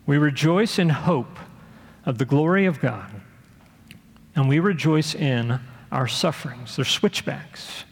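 A man preaching a sermon in a slightly high, gravelly voice. His delivery is earnest, and he sometimes acts out the voices of people he quotes. A long reverb from a large hall trails behind his words. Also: expressive, takes it slowly. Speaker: pastor.

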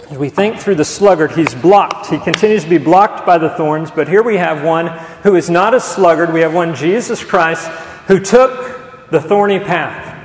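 Male pastor, emphatic sermon delivery with questions to the congregation, long hall reverb. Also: a little high. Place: church sanctuary. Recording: echoey church hall.

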